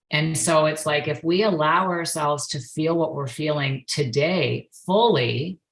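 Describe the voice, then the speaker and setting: A woman's voice: sits low, fairly bright tone, poor audio. A woman in her forties, a guest on a podcast interview, earnestly telling a personal story and now and then acting out her own past outbursts. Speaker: guest, perception facilitator and yoga instructor.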